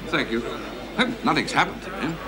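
An actor playing an impatient businessman in a sitcom, talking in a brisk, businesslike way. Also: on the high side, big pitch swings, heavy background noise. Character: impatient businessman waiting at an airport. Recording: 1970s TV sitcom with audience laughter.

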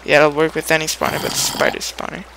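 A man's voice: fairly high pitch, flat delivery, quick pace, gravelly, background noise. A young man giving a casual, rambling gameplay tutorial, playful and chatty, humming little sound effects as he builds.

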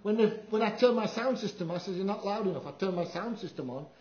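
Speaking fast, an older male live sound engineer entertains an audience with anecdotes, animatedly acting out quotes through large leaps in pitch. His voice runs slightly high, recorded in a dull, roomy hall.

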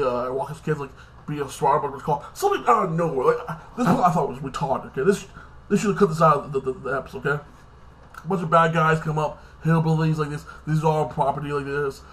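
A man talks through a TV episode recap in a loose, rambling vlog style. His voice sits a little higher than most men's. He keeps tacking "like this" onto his lines and swears freely. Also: steady tone, a little fast, a bit bright. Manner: rambling, fills with "like this" and "like that"; swears casually. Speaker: TV episode reviewer.

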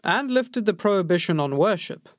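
A man voicing a cool, deliberate noble lord. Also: sits high, expressive, no echo, studio quality, pitched above the performer's own voice. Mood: measured. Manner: slow, deliberate and thoughtful.

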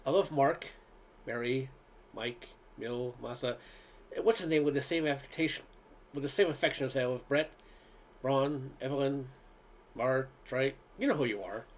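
A man reading a humorous essay aloud in a wry, unhurried storytelling manner. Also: medium pitch. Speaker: reader.

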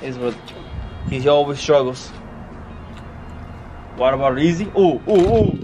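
A young man casually commentating an eating race among friends, calling out times with hyped excitement. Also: medium pitch, unhurried. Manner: hyped, excited timing calls. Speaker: timekeeper and commentator. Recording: music playing underneath.

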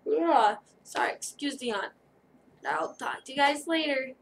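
There's some faint background noise as a young woman vlogger, high-pitched with vocal fry, chats at a moderate pace during a try-on video. Tired and yawning, she wanders loosely from thought to thought while displaying her clothes.

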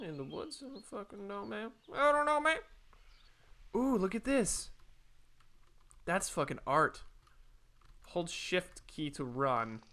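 Animated jumpy man commentating a game. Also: high-pitched. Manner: animated, jumpy, swears freely. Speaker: let's play host. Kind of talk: casual gameplay commentary. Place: home room with a cat nearby.

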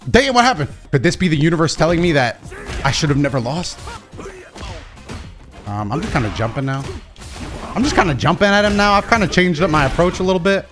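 Excitable male streamer over game music. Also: fairly high pitch, brisk, pauses often. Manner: excitable, swings from mumbling to shouting. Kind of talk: live gameplay commentary.

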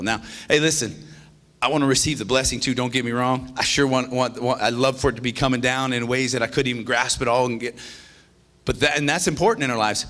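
A man preaching a sermon as pastor, animated and excited, swinging from loud exclamations to hushed confession and often restarting his phrases. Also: mid-range voice, brisk.

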